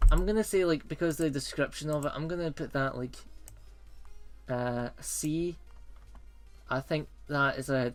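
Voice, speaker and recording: A man ranking films in a rambling, excitable and sarcastic casual chat. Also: on the high side.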